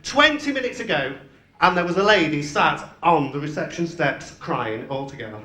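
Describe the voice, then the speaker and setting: High-voiced man, bawdy club patter. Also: animated, normal speed. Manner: brash, gossipy, crude storytelling. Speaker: drag act compere. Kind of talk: bawdy live stand-up patter. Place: live club stage. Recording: roomy live venue with loud music.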